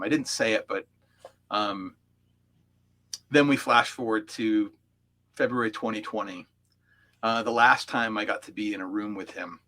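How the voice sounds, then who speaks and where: A man's voice: medium pitch, unhurried, long pauses, bright, forceful tone. A man, a coach, recounting personal memories as an interview guest, heartfelt and reflective, with frequent fillers. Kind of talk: storytelling in an interview.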